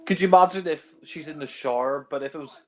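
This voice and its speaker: Brief: male film commentator, slightly high pitch, blunt, playful tone. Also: fast talker, darkish tone.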